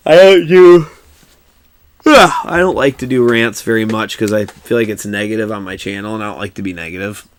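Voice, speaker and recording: This is a man in his thirties chatting on a game stream. His voice sits on the low side, and he rambles in a laid-back way, cursing casually and laughing often as he talks. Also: a little fast, a little hiss or hum. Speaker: gaming streamer. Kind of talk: casual live-stream chat while playing.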